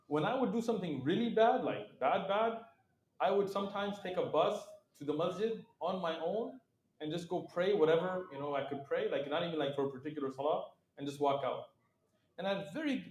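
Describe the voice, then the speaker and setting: Animated man telling stories in an echoey room. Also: a little high. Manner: animated storyteller, acts out quoted voices, laughs often. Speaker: interview guest. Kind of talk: casual storytelling interview.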